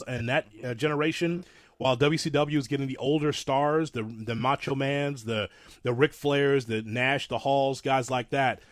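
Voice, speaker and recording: A man co-hosting a casual wrestling talk show, rambling and self-deprecating, with animated asides. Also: mid-range voice, dry recording, clean studio sound. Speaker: podcast co-host.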